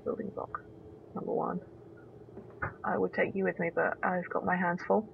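A woman's voice: on the low side, little pitch movement, moderate pace, vocal fry, narrow, tinny audio, slight background noise. A young woman giving let's play commentary on a horror game, talking to herself, swearing and exclaiming when startled.

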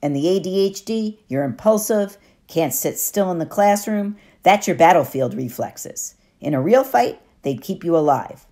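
A woman narrator plays a clever, self-assured teenage girl in an audiobook. She explains with patient certainty and lively, rising pitch. Her tone stays low-set and even. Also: moderate pace, few pauses. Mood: knowing. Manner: knowing and explanatory.

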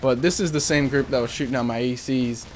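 A man's voice: medium pitch, fairly quick, slight background noise. Profane, joking young gamer man. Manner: candid, profane, joking, self-mocking. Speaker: gaming commentator. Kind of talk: casual voice-over commentary on gameplay.

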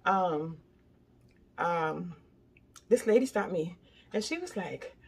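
Older female vlogger, husky, very lively intonation, chatty and repetitive. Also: lowish voice, slow pace. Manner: chatty, repeats herself, keeps addressing viewers as y'all. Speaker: beauty product vlogger. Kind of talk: casual product review chat.

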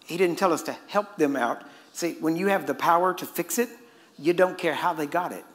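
A man's voice: fairly high pitch, a little fast. A man preaching a sermon as a casual story, now and then laughing at his own asides. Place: church hall. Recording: echoey hall with faint ambience.

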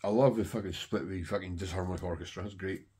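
Middle-aged male record collector, low and very raspy, profane rambling chat to camera. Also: steady tone, fast talker, dark tone. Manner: heavy swearing, rambling and enthusiastic.

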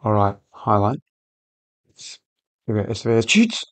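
A gaming channel host with a lowish voice and moderate pace chats casually over a football management game video. He gets excitable and worked up at the match on screen, shouting at the players.

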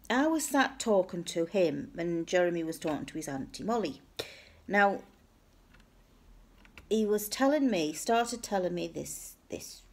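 Give me a chatty woman telling a funny personal story and poking fun at herself. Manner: chatty, self-mocking, acts out her own high cheery replies. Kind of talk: casual personal anecdote.

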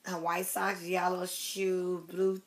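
A woman's voice: fairly low pitch, monotone, slow. Chatty woman rambling to her viewers. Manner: rambling, chatty, affectionate, drifts to soft murmurs. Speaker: doll collector vlogger. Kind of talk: casual chat to camera.

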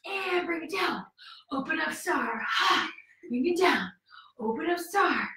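Upbeat high-voiced woman leading kids yoga. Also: animated, a little slow, sharp tone. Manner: upbeat, coaxing, counts aloud and cheers. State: a little out of breath. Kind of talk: guided kids yoga class. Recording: echoey room, voice from far off.

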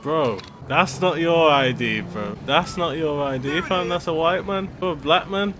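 A gaming video host delivers excited gameplay commentary, loud and slangy, with bursts of shouting and swearing. His voice is on the high side and unhurried, picked up by a desktop USB microphone with game music and sounds playing underneath.

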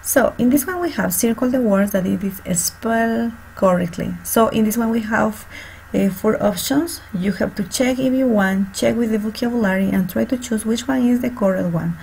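Teacher lady, gravelly voice, slow careful explaining, faint hiss behind. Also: on the high side, darkish tone, low-quality recording. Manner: slow, repeats and spells out words for students. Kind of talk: online class instruction. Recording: faint background noise.

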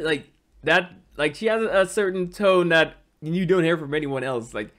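A man from the Caribbean hosting a reaction channel, talking in a casual, excitable and apologetic way, often stammering and repeating himself. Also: medium pitch, brisk, faint music behind. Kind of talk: casual music reaction commentary.

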